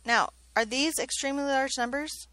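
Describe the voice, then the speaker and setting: Woman math teacher, bright higher voice, dry sound, chatty classroom lesson. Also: moderate pace, dry recording. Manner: chatty, joking, asks many questions.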